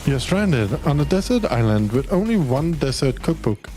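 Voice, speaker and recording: Lively young man from Denmark. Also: a little high, moderate pace, soft background music, poor audio. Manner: casual and playful, swears, talks to his pet. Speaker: gaming streamer. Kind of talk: reading a dating game aloud with commentary.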